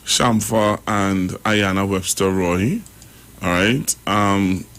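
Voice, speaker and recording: A man hosting a radio talk show, rambling and halting as he comments. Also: low-pitched, a bit bright. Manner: rambling, halting, full of fillers and restarts.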